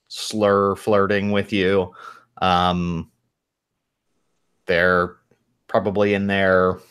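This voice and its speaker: A man narrating a tabletop horror game as game master, relaxed and rambling with many pauses and ums. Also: low voice.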